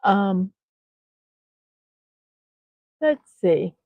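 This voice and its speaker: A woman's voice: medium pitch, sing-song, takes it slowly, vocal fry, no room sound. A woman hosting a daily morning livestream in a casual, chatty way, talking herself through each task and a little scattered. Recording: tinny phone-like sound, dry.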